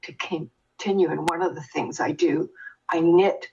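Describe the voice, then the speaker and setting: An older woman speaks with a slightly husky, breathy voice as she tells a personal story in earnest. She restarts her sentences often and grows animated as the story builds. The sound is muffled and lo-fi. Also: lowish voice, unhurried. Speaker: guest sharing her experience.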